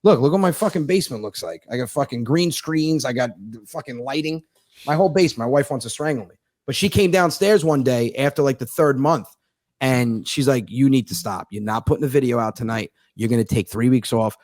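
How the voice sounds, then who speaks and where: A man in his thirties, a comedian telling stories in a fast, profane, sarcastic casual chat. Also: medium pitch, a little mellow, no echo, studio quality. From United States. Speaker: comedian guest.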